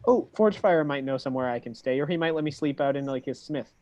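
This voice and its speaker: A man playing a tabletop game, talking in an animated, joking way. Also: medium pitch, quick pace, no room sound. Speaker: player. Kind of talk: casual tabletop play.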